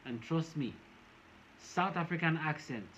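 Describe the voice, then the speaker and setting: A man's voice: on the high side, lively intonation, a little slow, fairly bright tone. A Nigerian man giving casual commentary to camera, rambling and often repeating and restarting his phrases. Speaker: vlogger. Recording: dull lo-fi with faint noise.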